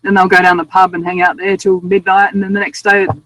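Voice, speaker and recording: This Australian-accented woman has a mid-range, fairly bright voice and talks fast with a flat delivery. The rough recording has no room sound. As a guest author, she shares travel stories chattily and with self-amusement in a relaxed interview.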